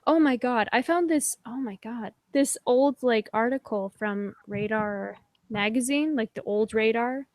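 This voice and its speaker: A woman hosts a casual online group chat in a fairly high voice. She talks in loose, rambling bursts full of "like" and quick apologies. Her mic sounds dry and close. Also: darkish tone, no room sound. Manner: chatty, apologetic, many likes. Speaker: host.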